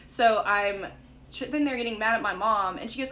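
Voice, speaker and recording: Young woman, bright voice, chatty livestream Bible study host, light background hiss. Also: medium pitch, normal speed. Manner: chatty storytelling with frequent "like" and "right?". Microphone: phone or webcam for a live stream.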